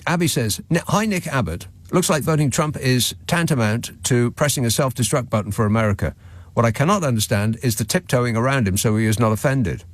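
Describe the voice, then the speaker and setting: A man's voice: medium pitch, fairly quick. A male radio talk show host, sardonic and chuckling as he reads out listener messages and comments on them. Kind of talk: late-night radio phone-in monologue. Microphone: studio microphone.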